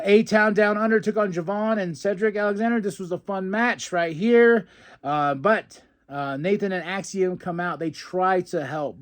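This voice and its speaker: Animated man recapping wrestling episodes. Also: fairly high pitch. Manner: animated, acts out quotes in put-on voices, laughs often. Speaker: podcast host recapping wrestling. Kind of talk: casual recap chat.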